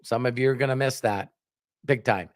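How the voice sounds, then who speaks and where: A man, a network marketing speaker, giving a motivational talk on a livestream and acting out remembered conversations with sudden jumps in pitch. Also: normal speed, no room sound, clean studio sound. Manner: acts out quoted dialogue with jumps in pitch.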